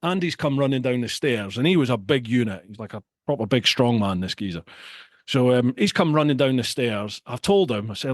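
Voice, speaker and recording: Brief: middle-aged man, podcast host, animated casual storyteller, close dry mic. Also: mid-range voice, fairly quick, dry recording. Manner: animated, repeats words.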